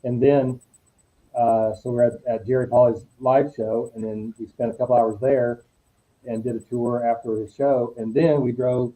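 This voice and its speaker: A man's voice: medium pitch, normal speed, rough recording. A middle-aged man, a podcast guest, telling a story in a casual way and acting out what people said. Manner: animated, acts out quoted dialogue.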